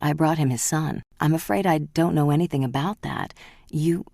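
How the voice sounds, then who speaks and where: Determined young mother, calm and unbending, read by a woman narrator; deep voice, dry recording. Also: moderate pace, gravelly, no room sound. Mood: resolute. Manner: firm, cool, resolute.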